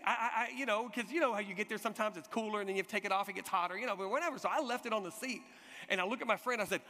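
A man preaching a sermon, telling an animated personal story and acting out the people in it. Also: high-pitched, fast. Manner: animated storytelling, shouts acted quotes. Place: church hall. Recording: long hall reverb.

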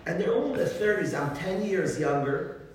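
A man, a rabbi, giving an informal religious talk full of animated stories and frequent chuckles. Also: high voice, normal speed. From United States. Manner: animated storytelling, chuckles often. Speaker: rabbi teaching a class. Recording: very echoey room, distant mic, faint noise.

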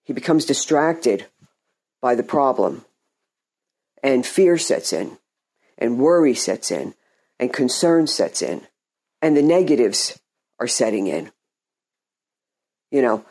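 Slow, mellow-voiced male preacher. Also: mid-range voice, lively intonation. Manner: halting and conversational, often repeating words and restarting phrases. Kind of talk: informal sermon.

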